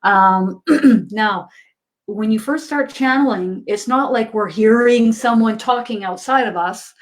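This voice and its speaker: A woman's voice: fairly high pitch, a little slow. Chatty woman medium, laughing easily. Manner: chatty, laughs often, many fillers. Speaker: psychic medium. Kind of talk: casual livestream reading.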